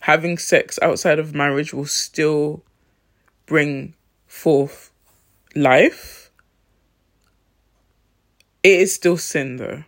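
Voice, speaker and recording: A man giving a reflective talk on faith, thinking aloud with pauses and restarts. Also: fairly high pitch, steady tone, fairly bright tone. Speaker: Christian vlogger.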